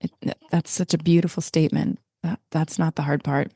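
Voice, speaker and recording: A woman's voice: deep voice, little pitch movement, a little fast, warm tone, slightly rough, no room sound, studio quality. A woman hosting a podcast interview, reflective and chatty as she tells a story. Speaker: podcast host.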